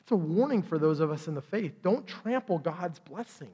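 A man preaching a sermon in a church, his slightly high voice carrying a long reverb through the hall. He tells the story with animated energy and quick acted-out voices for the characters. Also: slightly rough, lo-fi sound. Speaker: pastor. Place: church sanctuary.

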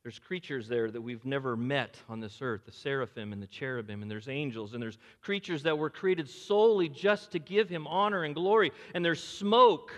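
An older man preaching a sermon as pastor, swinging between loud urgent lines and hushed, near-whispered quotes. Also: medium pitch, normal speed, hardly any pauses. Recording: long hall reverb.

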